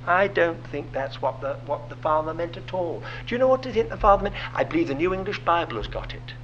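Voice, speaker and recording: A man's voice: high voice, big pitch swings, normal speed, bright, forceful tone, lo-fi sound, slight background noise. A man preaching a sermon, asking rhetorical questions and dropping to a whisper for emphasis.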